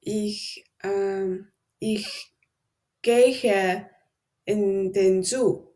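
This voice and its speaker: A woman's voice: mid-range voice, steady tone, drawn-out words, dark tone. A woman practicing German in a lesson, carefully repeating words after the teacher. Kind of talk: language lesson.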